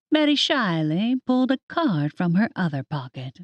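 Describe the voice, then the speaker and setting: A woman narrates an audiobook with expressive storytelling, her pitch moving widely. Her voice sits a little low. The studio sound is dry and close. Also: normal speed, few pauses, no room sound, dull audio. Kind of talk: scripted narration.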